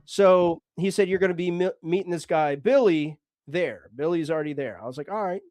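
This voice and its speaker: Casual storyteller high-voiced man, dry sound. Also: a little fast, darkish tone, no echo. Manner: rambling, swears freely, acts out dialogue.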